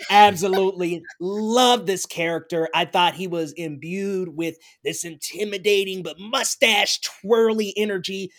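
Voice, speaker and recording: A man's voice: high-pitched, steady tone, measured pace, few pauses, a bit bright. A man co-hosting a casual film review chat, talking enthusiastically and emphatically. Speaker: podcast co-host.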